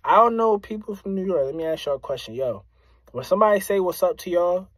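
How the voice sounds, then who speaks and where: A rapper from Springfield, Massachusetts tells a story casually in a high-sitting voice, speaking fast with no echo. He is animated, talks straight to his listeners, and often repeats phrases for emphasis.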